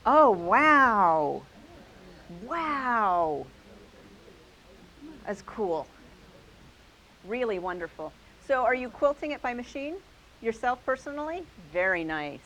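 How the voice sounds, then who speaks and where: A woman's voice: fairly high pitch, big pitch swings, takes it slowly, pauses often, sharp tone, poor audio. A woman hosting a quilting class, showing quilts to a live group and praising each one with enthusiasm. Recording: faint hiss.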